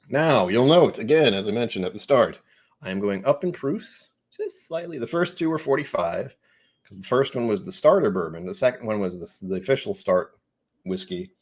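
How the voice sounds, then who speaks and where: A man's voice: on the low side, animated, moderate pace, darkish tone, husky. A man hosting a live whiskey tasting stream, chatting casually, rambling and joking at himself as he reads viewer comments. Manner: rambling, self-mocking, reads chat comments aloud. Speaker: whiskey channel host.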